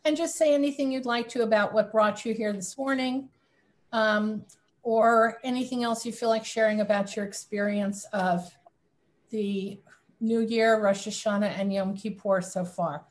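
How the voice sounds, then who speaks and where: A woman leading an online religious service over a video call, inviting people in a gentle, unhurried way. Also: a little high, fairly even intonation. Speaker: service leader.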